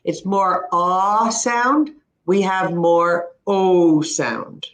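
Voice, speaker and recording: A woman with an Ontario Canadian accent explaining pronunciation in a casual chat, slowly demonstrating words. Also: on the low side, roomy sound. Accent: Ontario Canadian English. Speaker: speech-language pathologist guest.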